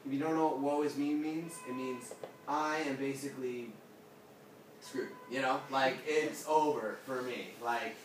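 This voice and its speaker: Speaking unhurriedly at medium pitch, this pastor leads a small group through the Bible in a relaxed, animated way. He puts questions to his listeners and dramatizes quotes with sharp changes in his voice, recorded from afar in an echoey room with slight background noise.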